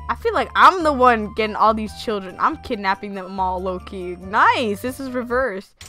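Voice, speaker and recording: A woman commentating her own gameplay, reacting loudly and giggling, sometimes voicing the characters. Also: mid-range voice, lively intonation, normal speed, soft background music. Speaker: gamer. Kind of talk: let's play commentary.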